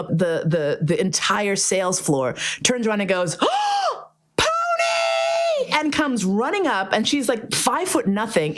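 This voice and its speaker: A woman telling casual, profane stories, laughing often and acting out the voices of the people in them. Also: medium pitch. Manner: acts out quoted dialogue. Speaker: guest speaker on BDSM. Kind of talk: casual storytelling.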